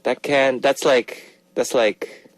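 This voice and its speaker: A man from Australia co-hosting a radio show, chatting casually and reading listener messages in an animated way. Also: medium pitch, dry recording, rough recording. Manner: animated, reads listener messages with quick laughs. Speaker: radio DJ co-host.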